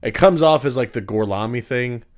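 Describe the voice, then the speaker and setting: A man's voice: mid-range voice, normal speed. A man co-hosting a podcast, laid-back and easy to laugh, swearing casually while chatting about films. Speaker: podcast co-host. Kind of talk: casual film chat.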